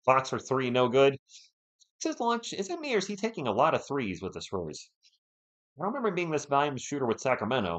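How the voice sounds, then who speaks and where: A man's voice: mid-range voice, fairly quick. A man hosting a fan live stream, calling the game play by play and bantering with the chat. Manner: animated, partisan, banters with chat.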